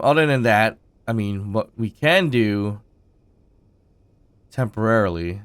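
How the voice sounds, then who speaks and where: A man hosting his gaming channel, chatting casually as he plays, thinking aloud with fillers, his voice still rough from a recent illness. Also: on the low side, no echo. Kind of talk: casual gameplay commentary.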